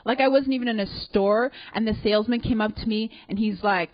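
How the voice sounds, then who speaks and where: Casting note: young Canadian woman, stand-up comic, higher voice, chatty and self-deprecating, dull dry club recording. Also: fairly even intonation, a little fast, no echo. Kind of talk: stand-up comedy set. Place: comedy club stage.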